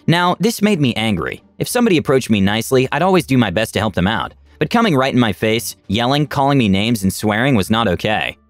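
A man narrating online stories in an expressive, scripted reading. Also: mid-range voice, fast talker, hardly any pauses, dry recording, soft background music. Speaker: story narrator.

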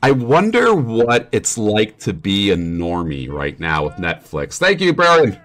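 A man's voice: low voice, animated, measured pace. A young man streaming while he plays a game, chatting in a rambling, profane and sarcastic way. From New Jersey family. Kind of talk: casual chat while gaming.

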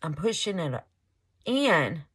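A woman's voice: lowish voice, sing-song, slow, fairly bright tone, husky. A woman hosting a casual crafting vlog, gushing over her work and calling viewers baby and y'all. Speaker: resin crafting channel host.

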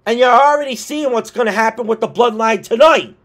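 A man's voice: very high-pitched, fairly quick, a bit bright. A man ranting casually on his wrestling vlog, swearing and talking through exasperated asides while he has the hiccups. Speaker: wrestling commentator vlogger.

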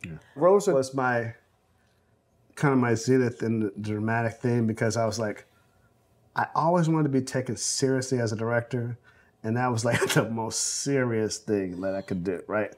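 Animated, rambling man in his forties. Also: mid-range voice, moderate pace. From South Central Los Angeles, USA. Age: 40s. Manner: animated storyteller, acts out quotes, many fillers. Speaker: film director interviewee. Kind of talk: oral history interview, anecdotal storytelling.

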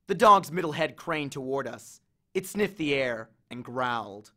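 A man reading a novel chapter aloud with an expressive, animated delivery. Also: mid-range voice, a little slow. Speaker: audiobook reader. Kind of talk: storybook reading.

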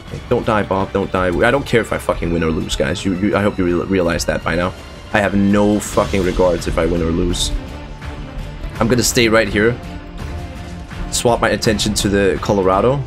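A young man commenting on his own gameplay, excited and swearing, calling his viewers boys and guys. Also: deep voice, normal speed. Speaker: gaming channel host. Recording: faint music in the background.

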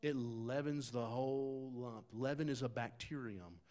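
A man preaching a sermon in a folksy, conversational way, talking straight to the congregation, dropping to quiet asides and rising to loud, emphatic bursts. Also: medium pitch, a little slow. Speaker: pastor.

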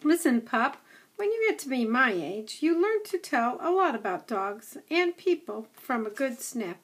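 A woman doing a gruff old dog. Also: high voice, big pitch swings, measured pace, full character voice. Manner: blunt, scoffing, chatty. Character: old male red setter dog, gruff, know-it-all.

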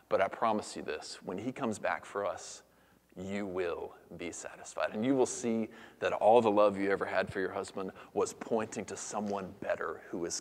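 A man in his thirties preaching a sermon as pastor, earnest, moving between hushed near-whispers and lively storytelling. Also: low voice. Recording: long reverb of a church hall.

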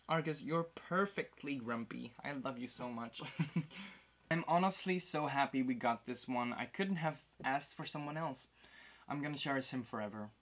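A man hosting a casual toy unboxing vlog, excitable and gushing, often breaking into laughter and exclamations. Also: medium pitch, a little slow. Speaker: host of a toy unboxing series.

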